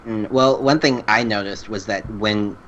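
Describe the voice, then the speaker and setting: A woman co-hosting a casual podcast, relaxed and mostly giving short replies. Her voice is extremely low for a woman. A faint hiss runs under the recording. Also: a little slow, highs cut off. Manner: relaxed, brief backchannel replies. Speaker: podcast co-host. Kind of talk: casual chat.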